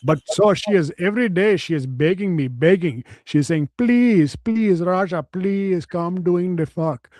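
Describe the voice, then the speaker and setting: A man's voice: fairly high pitch, sing-song, moderate pace, hardly any pauses, darkish tone, no room sound. A man voicing a flustered, prim male office worker who talks in a stiff, overly formal way. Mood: boastful.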